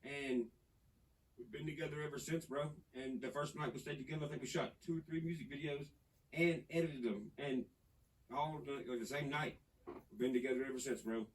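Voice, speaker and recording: A man from Nashville, talking in a casual podcast chat, animated, profane and rambling. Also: medium pitch, fairly quick, far from the mic, poor audio. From Nashville, Tennessee. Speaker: podcast guest.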